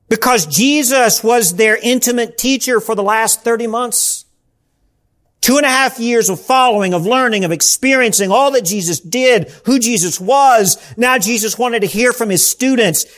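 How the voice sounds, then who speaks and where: A man preaching a Bible teaching sermon, slow and emphatic, repeating the key question with dramatic pauses. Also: extremely high pitch, a bit bright.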